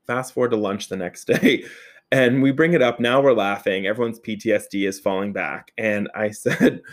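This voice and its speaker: A man telling a personal story in a casual, animated way, swearing often and laughing as he goes. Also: on the low side, normal speed.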